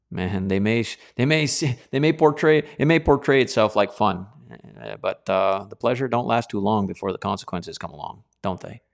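A man's voice: fairly low pitch, creaky. A man preaching a sermon in a dramatic, colloquial way, full of rhetorical questions.

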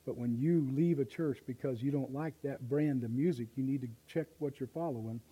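A male pastor preaching live in church, folksy and impassioned, swinging from hushed asides to loud appeals. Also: mid-range voice, fairly quick, husky, highs cut off. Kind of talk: sermon.

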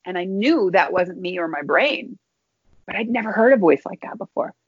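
A woman guest recounts her experiences in an earnest, halting manner, often doubling back on her words. Her voice sits at an ordinary middle pitch. The recording is dull and lo-fi, with a dry, close sound. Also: expressive, husky, dry recording. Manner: earnest, halting, restarts phrases. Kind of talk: personal storytelling in conversation.

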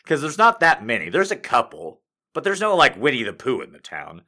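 Animated, bright-voiced exasperated male comedian. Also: mid-range voice, fairly quick. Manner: exasperated, profane, mocking impressions. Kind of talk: stand-up rant.

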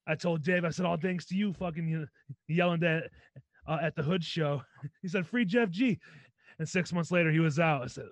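A man's voice: on the high side, fairly even intonation, brisk, no echo. A man hosting a podcast, laid-back and casually swearing, chatting with a guest. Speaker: podcast host.

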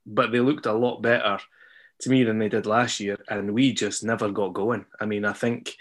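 A man with a fairly low voice talks through a football match as a podcast guest. He is measured and hesitant, often backtracking mid-sentence. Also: little pitch movement. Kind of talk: casual podcast chat.

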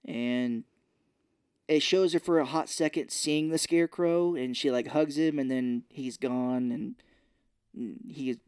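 A man's voice: medium pitch, fairly even intonation, slow pace, darkish tone, clean tone, no room sound, clean studio sound. A man casually recapping a film scene by scene on a podcast, laughing often and dropping into mock voices for the characters. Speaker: podcast co-host. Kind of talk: casual movie recap chat.

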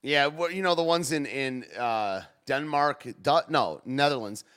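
A man's voice: medium pitch, a little slow, fairly bright tone, smooth. A man hosting a show, rambling through news clips in loose, slangy casual commentary and laughing often. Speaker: show host.

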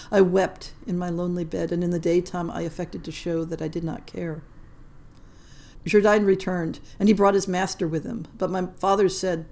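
A woman narrating a short story in a measured, gentle storytelling voice. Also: fairly low pitch. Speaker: podcast story reader. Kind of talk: scripted narration.

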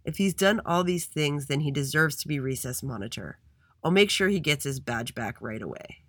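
Storybook principal: a stern but fair woman, firm and measured, read by a man, dry close sound. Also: a little high, expressive, fairly bright tone, no room sound.

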